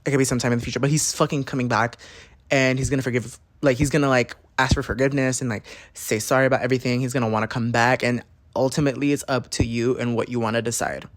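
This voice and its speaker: A man's voice: medium pitch, fairly even intonation, quick pace, no room sound, natural voice. A man retelling a story, voicing a blunt, chatty woman tarot reader who swears and fills with "like". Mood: matter-of-fact. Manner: chatty, swears freely, filler-heavy.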